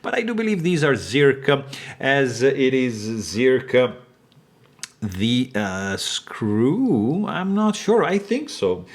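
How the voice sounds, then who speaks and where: A man's voice: medium pitch, very animated, slow pace. Enthusiastic man reviewing a knife. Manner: enthusiastic, many fillers and hesitations. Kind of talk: detailed product review.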